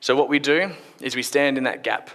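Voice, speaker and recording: A man giving a short church sermon, retelling a story and dropping his voice softly at key points. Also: medium pitch, a little fast. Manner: retells the story with acted quotes, drops softer at key points. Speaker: preacher.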